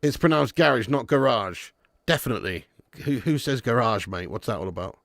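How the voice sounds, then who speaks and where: Hosting a live football watch-along in his storage-room garage at home, a man chats casually with viewers, swears without restraint, and reads the chat aloud between match commentary. His animated, mid-range voice moves fairly quickly, and the studio-quality recording has no room sound.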